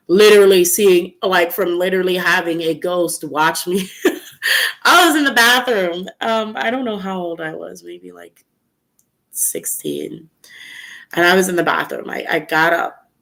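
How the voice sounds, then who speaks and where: Young woman host, casual storyteller, low-ish voice, lots of fillers. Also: slow pace, vocal fry, fairly bright tone. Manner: chatty, lots of "like" and "um", laughs while telling. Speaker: tarot channel host. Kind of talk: casual storytelling livestream chat.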